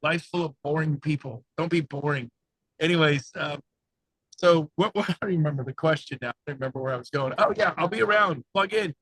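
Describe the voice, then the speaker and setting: A man talking with high energy and excitement on a video call from the passenger seat of a car, rambling and fired up. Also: quick pace, husky, no room sound, low-quality recording. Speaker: guest speaker, real estate agent coach.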